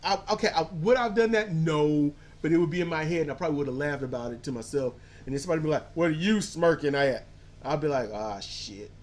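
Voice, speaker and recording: A podcast co-host in a casual movie-review chat, telling stories in an animated way and acting out quotes. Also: mid-range voice, rapid-fire, few pauses. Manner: animated storyteller, acts out quotes; casual, swears freely.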